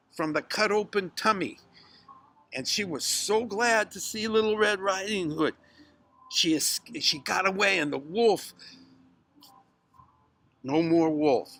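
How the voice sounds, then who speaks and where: Man, children's storyteller, animated, bright tone, slow unhurried delivery. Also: a little high. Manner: animated, with restarts and dramatic pauses. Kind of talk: telling a children's story aloud.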